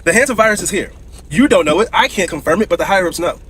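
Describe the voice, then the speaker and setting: A man's voice: high-pitched, expressive, very fast, fairly bright tone, slight background noise, rough recording. A man giving viewers a casual, urgent warning and repeating his points. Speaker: social media commentator.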